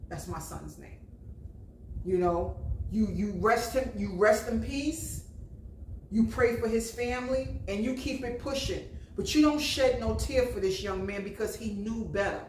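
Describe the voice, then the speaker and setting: A woman's voice: a little high, unhurried, a little mellow. Woman over fifty, blunt, preachy, casual monologue, echoey room, faint background hum. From New Jersey. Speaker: vlogger.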